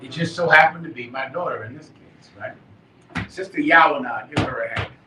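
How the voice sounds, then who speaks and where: A man leading a live class, preaching emphatically, dropping quiet then shouting. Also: medium pitch, moderate pace, background noise. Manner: emphatic, swings from quiet to shouting, laughs and swears. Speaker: class leader. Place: live meeting room. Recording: echoey room from far off.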